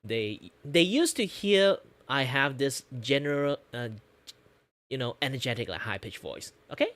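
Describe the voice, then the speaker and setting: A man chatting casually on his stream in his relaxed, lower natural register, rambling with lots of fillers. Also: a little slow. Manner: rambling, filler-heavy, frequent laughs. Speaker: VTuber streamer and artist.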